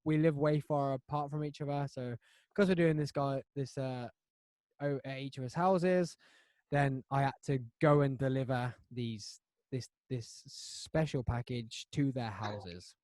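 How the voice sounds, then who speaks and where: A man hosting a podcast, telling a story in a rambling, animated way with lots of restarts. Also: medium pitch, unhurried, no room sound, clean studio sound. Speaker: podcast host. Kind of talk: casual chat.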